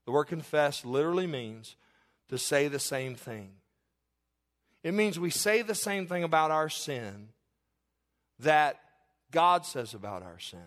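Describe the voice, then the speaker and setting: A middle-aged man preaching from the pulpit, his pitch sitting a little high and swinging widely as he presses a point. He talks to the congregation in a candid, conversational way, firing off rhetorical questions. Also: fairly bright tone. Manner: confessional, candid storytelling. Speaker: pastor. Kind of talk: sermon.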